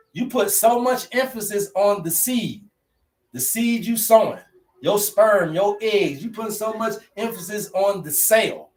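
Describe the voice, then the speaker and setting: Male host, higher voice; preachy, repetitive livestream teacher addressing viewers. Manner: preachy, repetitive, slangy, talks to chat.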